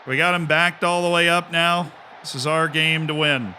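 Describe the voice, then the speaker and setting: A man streaming a football management game, swinging between low muttering and shouted play-by-play commentary. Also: steady tone, normal speed, slight background noise. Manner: bursts into shouted play-by-play, then mutters to himself.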